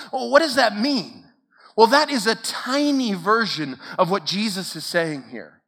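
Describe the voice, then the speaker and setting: A man's voice: high-pitched, a little slow, a bit bright. A man preaching a sermon at a camp, telling a story and building to emphatic declarations. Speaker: camp speaker. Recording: long hall reverb.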